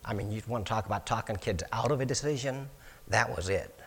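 Giving his testimony, a man speaks fairly quickly in a fairly low voice that is a bit bright and slightly rough. His homespun storytelling is full of restarts and repeated words, and he mimics the voices of those he quotes, all echoing with long, large-hall reverb.

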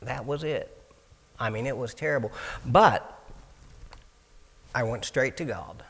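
A man's voice: mid-range voice, a little slow, husky, big-room sound. A man telling his personal testimony in a folksy way, repeating and restarting words and acting out the dialogue in his story. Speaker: speaker giving his testimony.

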